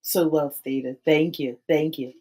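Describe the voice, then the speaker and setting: A woman's voice: sits low, steady tone, takes it slowly, darkish tone, breathy edge, rough recording. A woman in her forties hosting a podcast interview, chatting animatedly and laughing often between phrases. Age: 40s. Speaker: podcast host. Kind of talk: casual interview chat.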